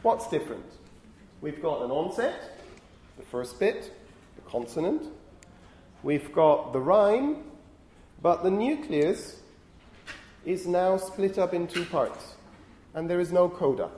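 Echoey lecture-hall man, mellow and raised. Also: high voice, lively intonation, slow. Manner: frequent "okay?" checks, stern with chatty students. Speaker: university lecturer. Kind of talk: phonetics lecture. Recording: echoey lecture hall, faint room noise.

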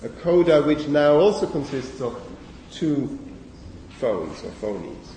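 A man giving a university lecture on phonology in a lecture hall, speaking haltingly with many fillers and self-corrections. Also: on the high side, big pitch swings, mellow, a little hiss or hum. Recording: echoey lecture hall from far off.

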